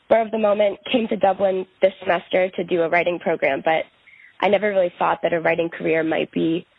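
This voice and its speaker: A woman's voice: fairly low pitch, steady tone, a little fast, vocal fry, breathy edge, dry recording, narrow, tinny audio. A young woman student reflecting on winning a scholarship, in a rambling casual way. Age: young adult. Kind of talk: casual interview.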